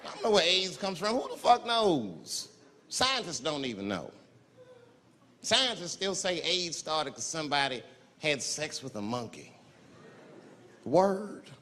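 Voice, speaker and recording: A male stand-up comedian telling a profane story in an animated way, acting out the people in it, recorded live with audience laughter. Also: high-pitched, a little hiss or hum. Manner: profane, animated, acts out characters. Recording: live in a reverberant hall with crowd laughter.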